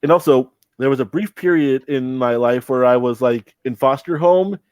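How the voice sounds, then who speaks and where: A man's voice: medium pitch, moderate pace, a little mellow, clear, resonant tone, dry recording, lo-fi sound. A young man co-hosting a casual chat, rambling with many fillers and restarts. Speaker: podcast co-host.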